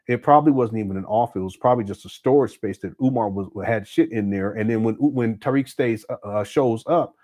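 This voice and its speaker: A man's voice: lowish voice, fairly quick, hardly any pauses. Rambling, laughing man hosting a livestream. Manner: rambling, frequent restarts and fillers; loud, laughing banter with viewers. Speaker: host. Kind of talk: casual livestream commentary.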